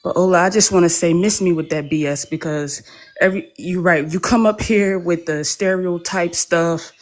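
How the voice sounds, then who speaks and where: A woman's voice: fairly low pitch, moderate pace. Heated confrontational American woman. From United States. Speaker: panelist. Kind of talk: live audio panel debate.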